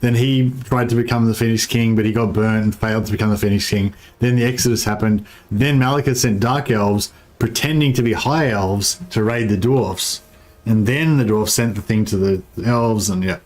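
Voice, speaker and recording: An Australian gamer chats casually while streaming, his fairly low voice a little mellow and at normal speed. His talk is rambling and sweary, with thoughts often left hanging midway.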